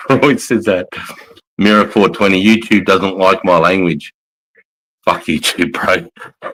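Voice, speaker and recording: A blunt, matey Australian man of middle age hosting a livestream chat. His voice sits very low and deep, and he swears freely and calls everyone mate as he reads out comments. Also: fairly bright tone, rough recording. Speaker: livestream host, army veteran.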